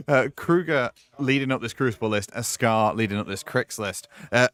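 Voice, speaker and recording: A man's voice: medium pitch, moderate pace, a bit bright. A man with a mixed English accent commentating a tabletop tournament, chatty and self-deprecating. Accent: English, northern mix. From England. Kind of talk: casual game commentary.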